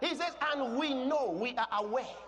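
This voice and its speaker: A man preaching a sermon, teaching in an emphatic way and breaking into shouted declarations, often asking the congregation questions. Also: extremely high pitch, normal speed, heavy background noise. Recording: long hall reverb.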